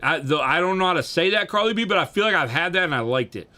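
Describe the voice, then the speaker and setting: A young man drinking on a livestream, chatting casually with viewers in a profane, rambling way that swings between loud bursts and mumbling. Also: a little high, animated, fast.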